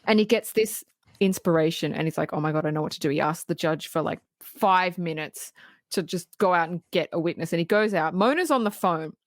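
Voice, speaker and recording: A woman co-hosting a podcast, casually recapping a film in animated detail, acting out the characters' lines and swearing freely. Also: lowish voice, moderate pace, no echo, studio quality. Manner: animated storytelling, acting out quoted lines, frequent laughs and swearing. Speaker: podcast co-host.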